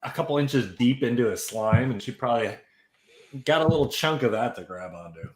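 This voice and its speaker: A man's voice: medium pitch, lively intonation, a little fast, low-quality recording. A man playing a tabletop game, musing playfully about his character. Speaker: player. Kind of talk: casual tabletop play.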